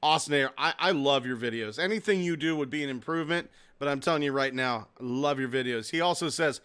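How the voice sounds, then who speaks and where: Bright-voiced joking podcast host. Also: male voice, medium pitch, fast, hardly any pauses, clear, resonant tone. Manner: jokey, reads chat comments aloud. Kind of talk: casual podcast chat.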